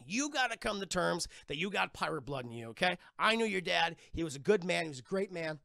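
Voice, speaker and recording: A man's voice: high-pitched, animated, fairly quick, creaky, bright, forceful tone, dry recording, studio quality, heavily acted. A man putting on a brash swaggering pirate captain. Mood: insistent. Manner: brash, profane, drawls "lad" and "mate".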